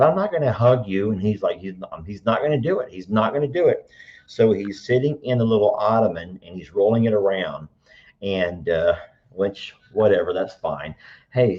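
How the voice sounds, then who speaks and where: A middle-aged man with a drawl hosts a casual live stream, his voice sitting low. He chats easily and coaxes answers out of people like a patient teacher. The sound is dull and lo-fi. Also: dark tone. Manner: chatty, teacherly, coaxing. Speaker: livestream host.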